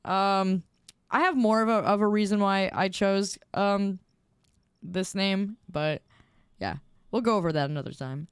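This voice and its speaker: A woman's voice: medium pitch, unhurried, clean tone, no echo, clean studio sound. A young woman streamer in casual chat, reading viewer messages aloud and giggling often.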